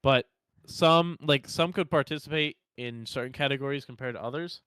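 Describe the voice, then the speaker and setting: A man's voice: mid-range voice, moderate pace, sharp tone, clean tone, no room sound. A young man co-hosting a podcast in casual chat, laid-back and rambling, swearing freely. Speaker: podcast co-host.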